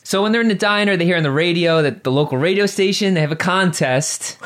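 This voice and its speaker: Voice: mid-range voice, fast talker, fairly bright tone. A co-host in a casual movie review chat, dryly recounting the plot with wry jokes. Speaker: podcast co-host.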